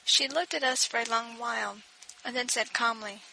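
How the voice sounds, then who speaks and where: A woman reading a story aloud with a gentle, expressive delivery. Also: a little high, moderate pace, gravelly, a little hiss or hum, low-quality recording. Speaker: audiobook narrator. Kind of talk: scripted narration.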